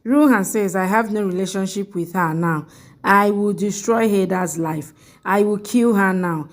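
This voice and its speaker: A woman narrating a soap opera episode recap, reading characters' lines in a flat, even way. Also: mid-range voice, measured pace. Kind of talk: scripted plot recap narration.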